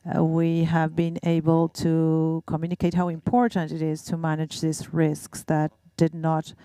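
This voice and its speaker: A woman speaks on a panel in a flat, even voice. Her tone is smooth and warm. She talks steadily, pausing as she picks her words. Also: deep voice, no room sound, clean studio sound. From Uruguay. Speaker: banking panelist. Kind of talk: panel discussion answer.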